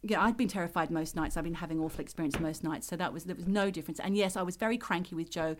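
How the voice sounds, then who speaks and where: A woman's voice: fairly low pitch, fast talker, slight background noise. A woman co-hosting a podcast, telling a true ghost story and acting out the voices of the people in it. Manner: vivid storyteller who acts out voices.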